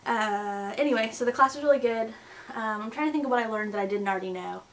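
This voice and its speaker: A young woman chatting casually to camera in a vlog, full of fillers, with a slightly husky morning voice. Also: a little high, fast talker, a bit bright, a little hiss or hum, low-quality recording. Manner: chatty, lots of fillers and likes. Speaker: pregnant vlogger.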